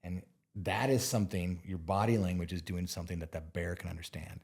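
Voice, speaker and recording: A man, a bear expert guest, talking casually in an interview and explaining with relaxed, playful asides. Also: low voice, fairly quick, slightly rough. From Montana.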